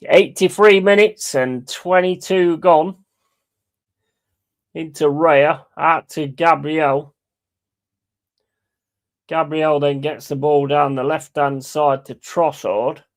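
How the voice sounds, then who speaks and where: Sweary excitable streamer. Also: male voice, a little high, slow pace, long pauses. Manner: excitable, sweary, blunt play-by-play. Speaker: streamer hosting a football watch-along. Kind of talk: live match commentary.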